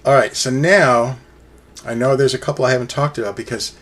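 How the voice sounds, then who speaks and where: A man's voice: mid-range voice, steady tone, brisk, a bit bright. Brief: male fan-reviewer, chatty and meandering, speaks with plain enthusiasm. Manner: rambling, enthusiastic fan talk with many fillers. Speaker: music reviewer. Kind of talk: casual solo album review.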